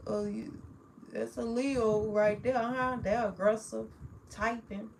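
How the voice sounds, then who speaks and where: A woman, chatting casually with viewers on a livestream, affectionate and quick to laugh. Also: a little high, steady tone, vocal fry, darkish tone, a little hiss or hum, low-quality recording. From New Orleans, Louisiana. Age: 40s. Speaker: livestream host.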